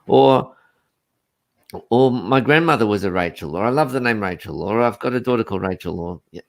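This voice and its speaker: A middle-aged Australian coach joins a live video call as a guest, chatting casually on the stream, rambling and laughing easily. His mid-range voice runs a little fast.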